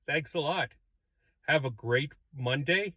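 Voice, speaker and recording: A man who directs high school musicals chats casually about a show he loves and often pauses to find his words. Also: pushed and bright, no echo. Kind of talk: casual spoken intro to a weekly music video.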